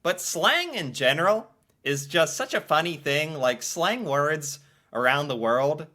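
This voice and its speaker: An American man giving casual reaction commentary in an excitable, playful way, with an American accent. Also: on the high side, measured pace. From United States. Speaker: reaction video creator.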